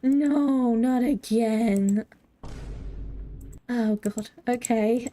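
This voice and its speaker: Playful woman streamer with a mellow voice. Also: on the high side, fairly even intonation, unhurried, long pauses. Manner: playful mock-formal phrasing, talks to chat. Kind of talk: live gaming commentary, reading chat.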